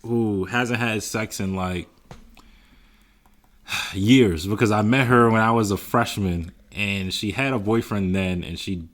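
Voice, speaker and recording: A man's voice: fairly low pitch, slow, a bit bright. A young man co-hosting a podcast, in loose, joking, profane casual chat. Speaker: podcast co-host.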